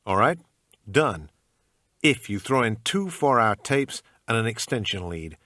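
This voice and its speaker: A man's voice: mid-range voice, sing-song, measured pace, pushed and bright, no room sound, studio quality. A man voicing a terse male agent who haggles in a bad put-on American accent. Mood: clipped. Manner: clipped, businesslike.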